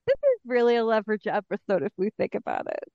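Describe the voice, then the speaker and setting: High-voiced woman cohost acting out lines, kinda muffled dry mic. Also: wildly swooping pitch, quick pace, vocal fry, dry recording. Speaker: podcast co-host. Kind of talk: casual chat recapping a TV episode.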